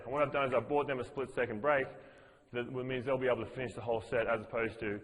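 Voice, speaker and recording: A man's voice: medium pitch, steady tone, fast talker, a bit bright, long reverb tail, a little hiss or hum, poor audio. A man teaching as a fitness master trainer, explaining movements to a group step by step and repeating his cues. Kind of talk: coaching a group workshop.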